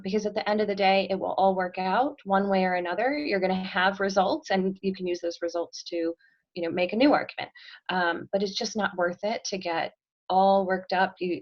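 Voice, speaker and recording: A woman, a marketing executive appearing as a podcast guest, chats casually and thoughtfully in an interview, often saying "um" and laughing lightly. Her voice is mid-range, and the recording sounds muffled.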